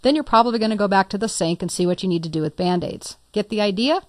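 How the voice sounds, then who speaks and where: A woman's voice: medium pitch, lively intonation, quick pace, no room sound, studio quality. A woman instructor talking through a computer tutorial step by step, patient and lightly playful. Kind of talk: screen-recorded software tutorial.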